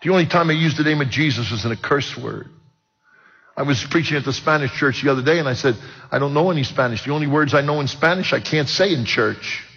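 A man's voice: on the high side, fast talker, fairly bright tone, slightly rough. An older man, preaching a personal testimony and joking with the audience. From Brooklyn, New York. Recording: dull sound with long hall reverb.

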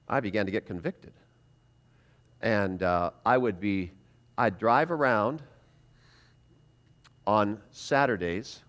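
At a prophecy seminar, a middle-aged man with a lowish voice preaches a personal testimony sermon. He tells his conversion story animatedly, acting out what he used to think.

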